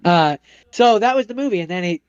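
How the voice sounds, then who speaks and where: Man, podcast co-host, casual plot recap with little character bits, smooth voice, dry lo-fi sound. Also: sits high, dry recording. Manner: animated retelling, acting out characters in quick impressions. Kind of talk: casual chat, retelling a movie plot.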